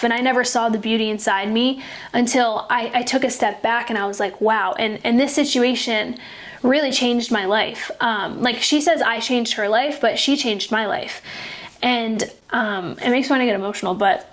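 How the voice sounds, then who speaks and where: A young woman hosting a podcast, talking earnestly and emotionally about faith and kindness, often restarting her sentences. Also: fairly high pitch. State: tearful at times. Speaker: podcast host. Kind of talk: personal faith-based podcast talk.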